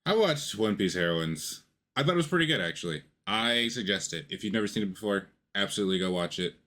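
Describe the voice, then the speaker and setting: A man's voice: lowish voice, expressive, fast talker, pushed and bright. A man casually reviewing a show, rambling with lots of fillers and the odd curse.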